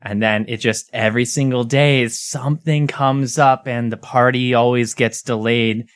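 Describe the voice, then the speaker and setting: A man hosting a podcast, telling a story in a casual, animated, rambling way with lots of filler words. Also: mid-range voice, a little slow, clear, resonant tone, no room sound, studio quality. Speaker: podcast host.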